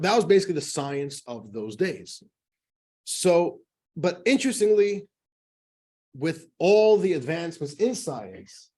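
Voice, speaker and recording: A man's voice: a little high, darkish tone, slightly rough. A man teaching a class as a rabbi, in a chatty, joking style full of fillers. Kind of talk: casual classroom lecture.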